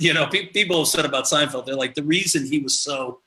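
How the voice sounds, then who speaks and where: A man's voice: fairly high pitch, brisk, echoey room, rough recording. A middle-aged man from the American Midwest telling comedy stories in casual chat, acting out the voices he quotes. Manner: animated, acts out quoted voices. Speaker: podcast guest, comedian.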